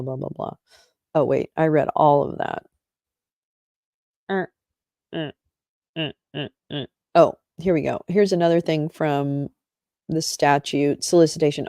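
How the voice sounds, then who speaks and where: A woman's voice: deep voice, dark tone, no echo, clean studio sound. A woman hosting a livestream, reading legal text aloud and breaking off into sarcastic, chatty asides to her viewers. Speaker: livestream host.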